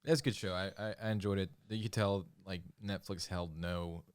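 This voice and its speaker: A man with a deep voice talks casually on a podcast, rambling and restarting his sentences. He jokes around now and then. The sound is close and dry, with no room around it. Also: fairly even intonation, brisk, smooth, dry recording. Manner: rambling, restarts often, jokey. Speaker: podcast co-host. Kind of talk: casual chat.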